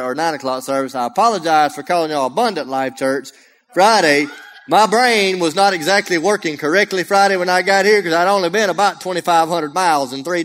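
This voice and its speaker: Folksy Alabama man preaching in a church. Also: a little high. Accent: Alabama Southern US. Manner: humorous, folksy, energetic, often raises his voice. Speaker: guest preacher. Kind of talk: folksy sermon. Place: church sanctuary. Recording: long church reverb.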